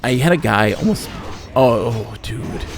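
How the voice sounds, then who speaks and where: Gravelly-voiced man telling stories on stream. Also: mid-range voice, a little slow, over music. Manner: animated, acts out quoted people, swears casually. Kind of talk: casual storytelling while gaming. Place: home streaming setup.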